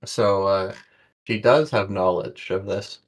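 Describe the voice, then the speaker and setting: A man playing a tabletop role-playing game, talking haltingly with many fillers. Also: fairly low pitch. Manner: halting, full of fillers and restarts. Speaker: player. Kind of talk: tabletop role-play chat.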